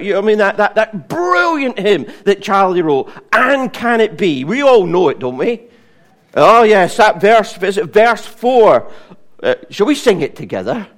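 A middle-aged man preaching a sermon, animated, acting out voices and singing. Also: sits high. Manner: animated, acts out voices, sings hymn lines.

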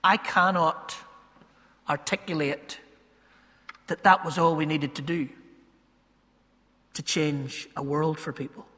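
Pastor preaching in a church, highish voice, long echo in the hall. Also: male voice, steady tone. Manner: swings between loud emphasis and hushed, slow asides. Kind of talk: sermon.

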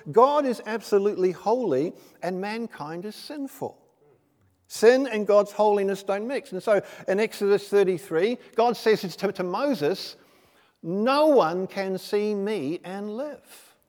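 A man's voice: high-pitched, a little mellow. A man preaching a sermon in a church, conversational and full of rhetorical questions and personal stories. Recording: long reverb of a large hall.

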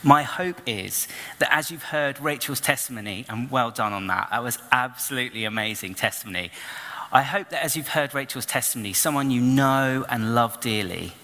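Male preacher, bright forceful voice, animated storyteller, reverberant church hall. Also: mid-range voice, moderate pace. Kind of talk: storytelling sermon.

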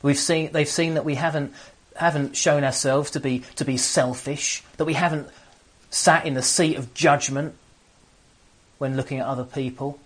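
Earnest preacher, halting restarts. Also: male voice, on the high side, steady tone. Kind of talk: sermon. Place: empty church room. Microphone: camera on stands.

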